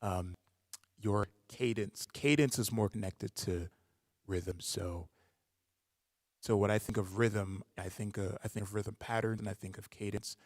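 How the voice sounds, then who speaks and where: A rapper hosting a live stream, casually answering viewer questions and explaining rap technique with many "like" fillers. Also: male voice, steady tone, measured pace, darkish tone, no room sound, clean studio sound, long reverb tail. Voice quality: gravelly low voice. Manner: loose, conversational, many "like" fillers.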